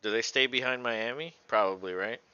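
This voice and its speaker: A man with a very bright, smooth voice calls the game play by play in a loose, joking way. He laughs a lot and curses freely. The audio is dull and lo-fi, like a home stream. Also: mid-range voice, fairly quick, no echo. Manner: relaxed, laughs often, swears freely. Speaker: co-host doing play-by-play. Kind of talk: casual play-by-play commentary.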